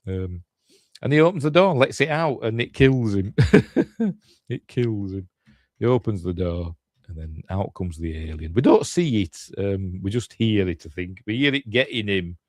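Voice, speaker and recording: A man from Yorkshire with a broad regional accent talks through a film scene by scene in a casual, rambling commentary. His voice sits low, and he chuckles as he goes. The recording is dry, with no room sound. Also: lively intonation, normal speed, darkish tone, no room sound. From Yorkshire, England. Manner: rambling, chatty retelling full of fillers and asides, chuckling. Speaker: film reviewer, channel host.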